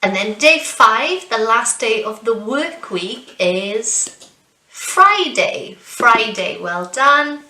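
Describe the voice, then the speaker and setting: A young woman teaching a beginner English class, saying words slowly and clearly, repeating them and praising the learners as she goes. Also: a little high, sing-song, pushed and bright, far from the mic, slight background noise. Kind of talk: slow beginner language lesson with repetition. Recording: echoey room, voice somewhat off-mic.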